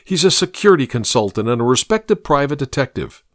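A man's voice: mid-range voice, big pitch swings, brisk, no room sound, clean studio sound, pitched above the performer's own voice, natural voice. A man voicing an anxious but firm mother in an audiobook, pleading and scolding by turns. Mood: indignant. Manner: pleading then stern, protective. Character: worried, firm mother, woman in her thirties.

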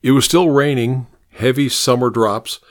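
A man reading a noir story as narrator, slow, measured and even. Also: medium pitch, no room sound, studio quality.

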